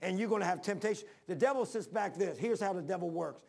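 A man's voice: sits high, expressive, quick pace, creaky, darkish tone. A male preacher giving a folksy, rambling sermon, talking straight to his congregation.

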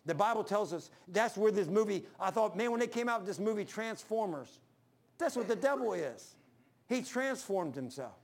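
A man with a high voice preaches a sermon in a folksy, storytelling way. He peppers his talk with "man" and swings from loud, high bursts down to low murmurs. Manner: storytelling with quick shifts between loud highs and low murmurs; folksy, says "man" often.

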